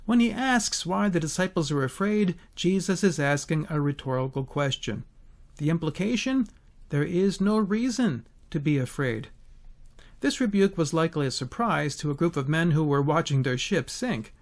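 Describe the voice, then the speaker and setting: A man teaching from the Bible, his voice sitting a little high and swinging widely in pitch. He tells the story expressively and stops often to ask rhetorical questions. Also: animated, normal speed.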